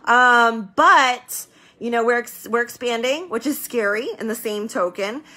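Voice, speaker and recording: Woman business owner, casual live chat, bright tense tone, repeats herself for emphasis. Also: a little high, measured pace. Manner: chatty, rambling, repeats words for emphasis. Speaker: medical business owner hosting a live stream. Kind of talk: casual live-stream talk.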